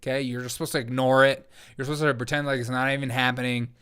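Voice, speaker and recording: Man, forties, comedy show host, sarcastic, jokey, ordinary mid pitch. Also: flat delivery, a bit bright, clean tone. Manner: jokey, sarcastic, quick asides. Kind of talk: casual comedic commentary reading chat.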